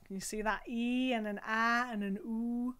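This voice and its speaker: Woman, Scottish accent, singing teacher, smooth clear voice, slightly high, chatty and encouraging. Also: steady tone, normal speed. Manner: gentle, encouraging, chatty with light laughs. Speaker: singing group leader. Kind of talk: online vocal warm-up class. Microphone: home recording for video.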